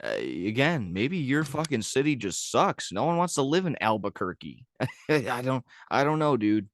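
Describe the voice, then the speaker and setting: A man's voice: mid-range voice, sing-song, normal speed, slight background noise. Profane ranting man on a podcast. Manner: profane, ranting, laughs at own jokes. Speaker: podcast co-host. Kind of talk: casual sports chat.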